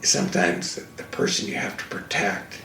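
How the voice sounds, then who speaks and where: An older man, a guest and racing TV commentator, telling stories emphatically in a casual fireside conversation, recorded from a distance in an echoey room. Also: normal speed. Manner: animated, emphatic storytelling. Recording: echoey room, distant mic, faint hiss.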